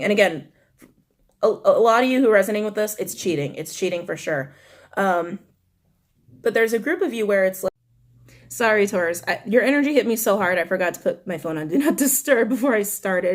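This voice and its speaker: A young woman giving a casual tarot reading, animated and blunt, swearing and talking straight to her viewers. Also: mid-range voice. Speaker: tarot reader.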